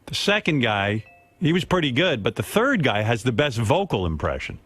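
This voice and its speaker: A man hosting a radio show, talking in a casual, wry and animated way into a studio mic. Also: medium pitch, moderate pace, slightly rough, no echo. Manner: animated, wry, reacting and laughing. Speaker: radio host.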